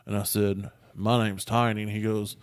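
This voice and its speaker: Podcast co-host, man, lowish voice, deadpan jokester, dry sound. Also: normal speed, smooth, no room sound. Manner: deadpan joking storyteller. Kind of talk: casual podcast chat.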